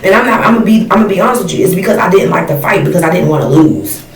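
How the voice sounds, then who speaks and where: A woman's voice: lowish voice, expressive, racing, distant mic. A woman talking bluntly and heatedly in a profane, unscripted livestream rant to her viewers. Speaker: spiritual YouTuber. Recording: roomy sound from off-mic.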